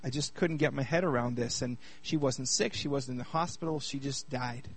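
A man from Canada in his thirties giving a personal testimony talk to a live group, joking with the crowd and then speaking more quietly about hard times. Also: medium pitch, moderate pace, breathy edge. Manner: lively and chatty with the audience, turning quieter while telling a hard personal story. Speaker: speaker at a youth gathering.

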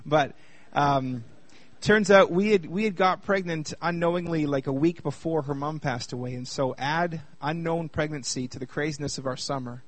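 Canadian guy in his 30s telling his story to a crowd, kinda high voice, dry close sound. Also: normal speed, no room sound. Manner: lively and chatty with the audience, turning quieter while telling a hard personal story. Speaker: speaker at a youth gathering. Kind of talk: personal testimony talk to a live audience.

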